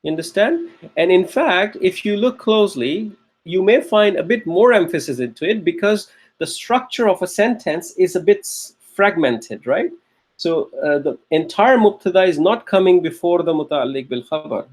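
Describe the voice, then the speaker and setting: Male teacher, somewhat high voice, patient, repeats points, keeps asking "okay?". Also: expressive, normal speed. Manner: repeats key phrases, checks in with "okay?" and "right?". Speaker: Arabic grammar teacher. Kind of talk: classroom lecture.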